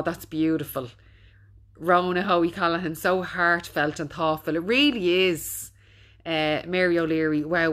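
A woman's voice: low voice, a bit bright. A middle-aged Irish woman chatting casually on a live stream, reading out viewers' comments and encouraging them. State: recovering from being unwell. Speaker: business owner hosting a Facebook live.

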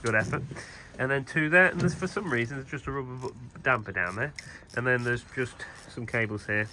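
A man hosting a workshop video, explaining each step in a relaxed, wry way as he works on a big engine. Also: medium pitch, a little fast. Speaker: host mechanic. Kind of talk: casual hands-on workshop commentary. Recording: noisy workshop recording.

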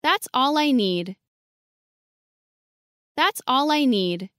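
Female English lesson reader: slow, clear sentence drills, bright singsong pitch, dry close sound. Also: animated, no room sound. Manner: reads each short sentence twice.

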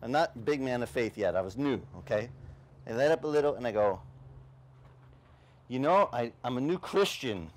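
A man's voice: moderate pace, pauses often. A male pastor telling a personal story in a sermon, acting out the voices in it. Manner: animated storyteller, acting out voices with big pitch swings. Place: beach service outdoors.

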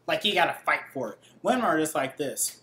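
A man's voice: fairly high pitch, lively intonation, fairly quick, pushed and bright. Young man ranting profanely in echoey room. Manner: profane, rambling, acts out quoted voices. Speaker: vlogger. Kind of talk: casual ranting monologue.

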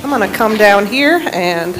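A woman's voice: mid-range voice, lively intonation, normal speed, poor audio. A woman pastor making friendly, chatty announcements to her congregation through a headset mic. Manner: friendly, chatty, laughing asides. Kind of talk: casual church announcements.

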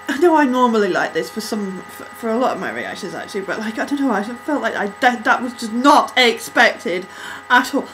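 A young-sounding woman with a bright, sharp tone records an excited audio reaction. She gushes and stumbles over her words and is audibly out of breath. Faint hum sits underneath. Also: a little high, low-quality recording. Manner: excitable, gushing, flustered. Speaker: fan reacting to a music video.

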